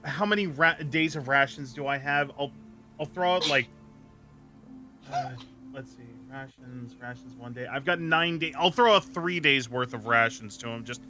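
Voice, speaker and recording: A man's voice: medium pitch, moderate pace, bright, forceful tone, soft background music. A man playing a tabletop game, reading rules and speaking in character, blunt and swearing when annoyed. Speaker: player.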